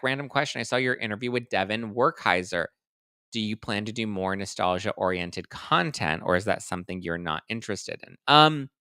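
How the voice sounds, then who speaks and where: A man in his thirties hosting a casual livestream, chatting quickly and reading viewer comments aloud. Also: lowish voice, clean tone, no room sound, clean studio sound. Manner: chatty, animated, reads live chat aloud. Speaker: host.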